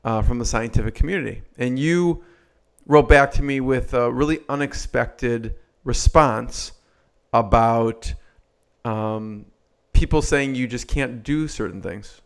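Male host, mid pitch, resonant with some fry, easygoing questions. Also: unhurried. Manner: casual questions with hesitant fillers. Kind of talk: interview conversation.

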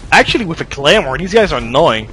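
A man's voice: fairly high pitch, sing-song, quick pace, pushed and bright, a little hiss or hum. A man streaming a video game, chatting casually and swearing while he plays. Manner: casual, profane, joking. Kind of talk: casual let's-play commentary.

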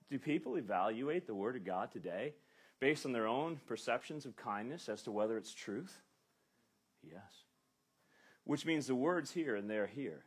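A man preaching a sermon in church, with a husky, slightly breathy voice. His pitch rises and falls a lot as he leans into his points and acts out quoted speech. The delivery is emphatic and conversational. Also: lively intonation, normal speed. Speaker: pastor. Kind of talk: expository sermon.

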